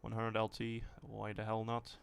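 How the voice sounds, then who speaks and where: A man streaming a tank game live, thinking aloud in a rambling, relaxed way and swearing casually as he sets up a test with viewers. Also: fairly low pitch, normal speed, vocal fry, smooth. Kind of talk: casual livestream commentary.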